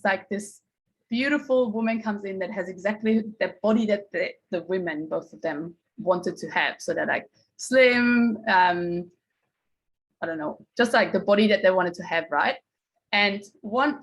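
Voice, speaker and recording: A woman's voice: mid-range voice, slightly rough, rough recording. Chatty woman mindset coach. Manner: chatty storytelling, acting out quotes. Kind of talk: casual coaching talk to a group.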